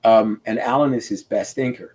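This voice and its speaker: A man's voice: lowish voice, steady tone, normal speed, darkish tone. An older man chats over a video call about his craft. He rambles and tells stories with animation, restarting his sentences as he thinks aloud. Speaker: comic book inker, guest. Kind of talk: casual video interview.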